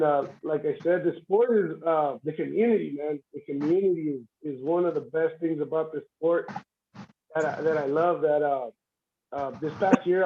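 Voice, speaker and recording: High-voiced man rambling on a call. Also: phone-quality sound. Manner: rambling, repeats words, laughs often. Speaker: guest arm wrestler. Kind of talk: casual livestream chat.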